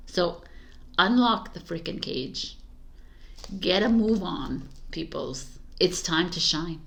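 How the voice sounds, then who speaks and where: A woman's voice: lowish voice, animated, takes it slowly, creaky, fairly bright tone. Chatty woman reading tarot. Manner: chatty and emphatic, laughs often. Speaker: tarot reader. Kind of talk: casual tarot reading monologue.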